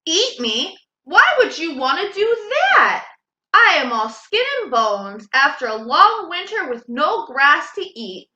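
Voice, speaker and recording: A woman's voice: high voice, sing-song, slow, sharp tone, roomy sound, muffled recording, pitched above the performer's own voice, full character voice. A woman voicing a small, clever young male goat in a storybook reading, talking his way out of danger. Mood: coaxing.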